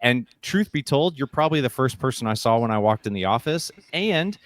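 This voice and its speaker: Appearing as a podcast guest, this middle-aged leadership coach and keynote speaker animates his stories by performing the voices he quotes. He speaks a little fast in a mid-range voice, captured in a dry recording.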